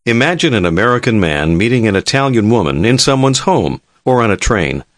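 A man narrating a language lesson in a calm, measured, clearly enunciated scripted delivery. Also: fairly low pitch, dry recording, clean studio sound.

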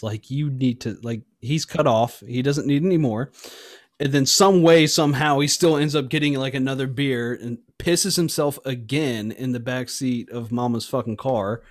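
A man telling rambling, profane stories in casual chat, slipping into shrill voices for people he quotes. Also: normal speed, no echo, studio quality.

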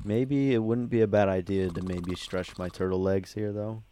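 A man's voice: on the low side, fairly even intonation, normal speed, warm tone, slight background noise. A man playing a tabletop game, talking in a laid-back, hesitant way. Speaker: player. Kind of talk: casual tabletop game chat.

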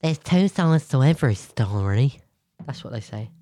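A man's voice: medium pitch, lively intonation, normal speed, dark tone, no room sound, studio quality. A man hosting a solo podcast from a table at home, rambling in casual chat, swearing freely and often restarting his sentences. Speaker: podcast host.

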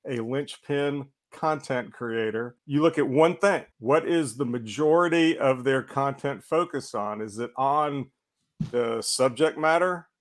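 Male co-host, medium pitch, crude and scornful, lecturing in casual chat. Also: unhurried. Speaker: podcast co-host.

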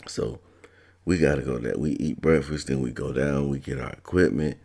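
A man's voice: rumbling low, normal speed, gravelly, a little mellow. A man from Georgia telling a personal story in a laid-back, casual way, laughing now and then.

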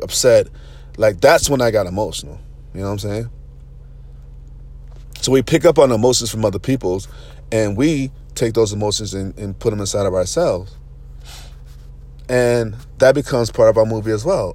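Man, lowish pitch, reflective monologue, earnest, rambling, conversational. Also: a little mellow. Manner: rambling, earnest, frequent "you know what I'm saying".

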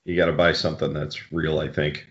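Deep-voiced man rambling on a podcast. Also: little pitch movement, fairly quick, fairly bright tone. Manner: rambling, tangents, self-correcting. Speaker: co-host. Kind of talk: casual podcast banter. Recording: dull lo-fi sound.

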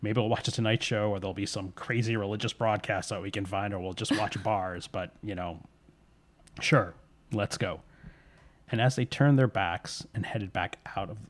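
Guy telling a creepy tale, kinda low voice, laid back, does little voices for the people in it. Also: gravelly. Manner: relaxed, voices characters' lines in quick asides. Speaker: storyteller. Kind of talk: casual spooky storytelling.

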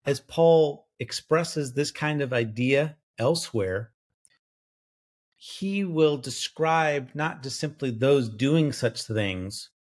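A man walks through Greek grammar in a Bible study podcast. He thinks out loud, pauses on fillers and corrects himself mid-sentence. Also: mid-range voice. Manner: lecturing, self-correcting, thinks aloud with fillers. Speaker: biblical scholar co-host. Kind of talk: academic bible study discussion.

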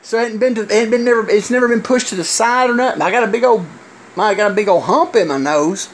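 A middle-aged man, a former wrestler telling stories in casual chat, halting and full of fillers. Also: high-pitched. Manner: rambling, halting with many fillers. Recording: loud hiss with clicks.

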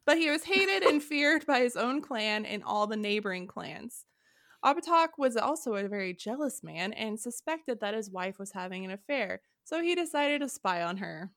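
A woman's voice: on the high side, big pitch swings, normal speed, fairly bright tone, no echo, clean studio sound. A woman casually retelling an old legend on a podcast, joking and laughing as she goes. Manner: laughing, jokey retelling with voiced asides. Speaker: podcast co-host. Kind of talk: casual storytelling chat.

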